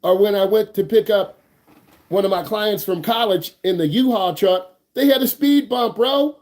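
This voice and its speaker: A man's voice: high-pitched, normal speed, a little mellow. A man teaching an online driving class, hyped and slangy, repeating his questions and joking with students. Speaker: driving instructor.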